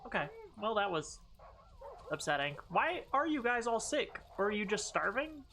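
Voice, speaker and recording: A woman streamer talks through her game in a loose, sarcastic way, teasing her chat and swearing freely. Her voice sits at a middling pitch for a woman. A faint hiss of noise stays under the recording. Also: big pitch swings, moderate pace, pushed and bright. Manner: playful, sarcastic, swears casually. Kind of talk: casual gaming stream chat.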